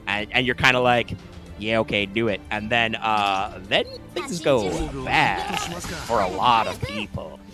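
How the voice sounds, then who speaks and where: A man's voice: fairly low pitch, expressive, slow pace, music in the background. A man co-hosting a casual gaming podcast, rambling with lots of fillers and restarts and casual swearing. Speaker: podcast co-host. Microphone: live stream microphone.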